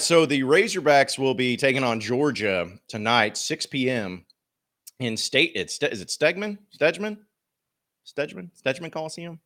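A man's voice: medium pitch, pushed and bright. A man hosting a sports podcast, giving casual commentary in a blunt, emphatic way full of rhetorical questions.

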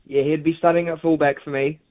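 A male caller talks rugby over a thin, phone-like line. His voice sits slightly high and stays flat. He hesitates often, filling gaps with ums and uhs. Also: brisk. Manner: hesitant, many fillers. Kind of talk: phone-in sports chat.

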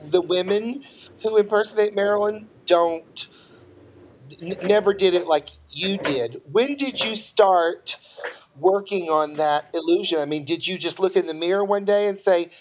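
A man's voice: high voice, a little slow, slight background noise. An older man with a Southern US accent hosting a podcast interview in a campy, playful, teasing way. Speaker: podcast host. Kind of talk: casual interview chat.

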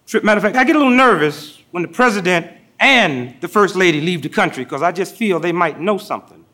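A man doing a stand-up comedy set on a TV show, telling stories with deadpan punchlines before a live studio audience. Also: high-pitched, fast talker, slight background noise.

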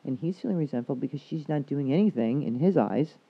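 A man's voice: a little high, lively intonation, fairly quick, gravelly, slightly rough. A man working as a counselor, talking casually and frankly, swearing freely as he explains things. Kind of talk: casual chat. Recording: dull lo-fi recording.

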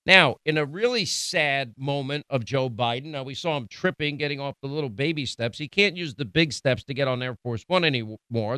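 A man's voice: mid-range voice, pushed and bright, clean tone, no echo. A middle-aged man hosting a political talk show, emphatic, indignant and sarcastic. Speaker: radio talk show host. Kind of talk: political commentary.

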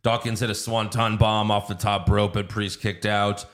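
A man hosting a podcast, recapping events in casual chat with an animated storytelling manner. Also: on the low side, normal speed. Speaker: podcast host recapping wrestling.

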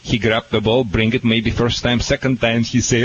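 A man's voice: mid-range voice, level tone, normal speed, muffled recording, slight background noise. A man with a Russian accent, a dog trainer giving blunt, boastful advice on a call-in radio show.

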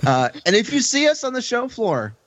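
A man's voice: extremely high pitch, big pitch swings, moderate pace, fairly bright tone, no echo. A man co-hosting a podcast in casual chat, easygoing and agreeable. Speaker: podcast co-host. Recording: dry, dull lo-fi audio.

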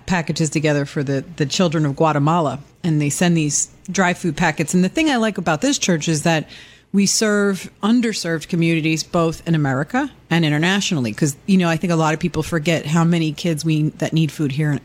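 A woman's voice: deep voice, brisk. A woman in casual on-air chat, telling a story and acting out the voices of the people in it. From Irish Catholic family. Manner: animated, acts out quoted voices, laughs often.

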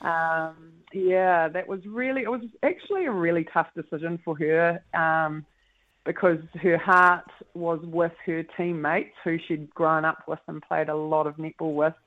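A woman's voice: lowish voice, steady tone, a little slow. A woman netball coach, calling in to a radio show and chatting casually with plenty of fillers. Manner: thoughtful, with frequent fillers and laughs. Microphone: phone call. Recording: tinny phone line.

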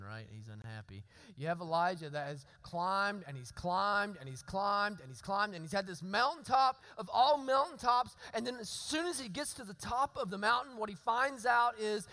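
A man's voice: high-pitched, pushed and bright. A man preaching a sermon as pastor, earnest, often repeating and restarting words and asking "right?" to the congregation.

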